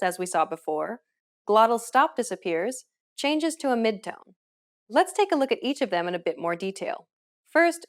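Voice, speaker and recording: A woman teacher giving a scripted language lesson with clear, measured explanations. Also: mid-range voice.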